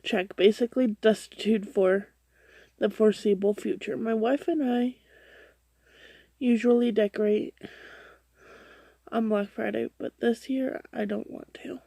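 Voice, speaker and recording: Gravelly, husky woman reading a post aloud. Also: fairly high pitch, steady tone, mellow, no echo. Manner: halting reading with frequent restarts and self-corrections; drops to a whisper for her own asides. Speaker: reader of online posts.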